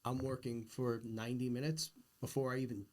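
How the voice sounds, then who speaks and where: A man's voice: mid-range voice, flat delivery, fairly quick, a little mellow. A middle-aged man hosting a casual podcast conversation, talking earnestly and insistently about big ideas. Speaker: podcast host.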